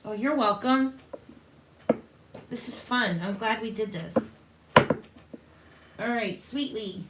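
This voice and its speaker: A woman's voice: fairly high pitch, slow, background noise. A woman hosting a live tarot reading, chatting casually with viewers and calling them honey. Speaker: tarot reader and livestream host.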